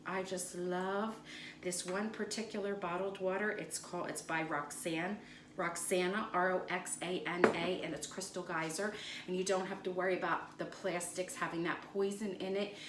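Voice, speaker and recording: Cooking in her kitchen for a home video, a woman walks through a recipe in a relaxed, chatty way, often wandering off on tangents. She has a fairly low, slightly bright voice, recorded in an echoey room with a little background noise.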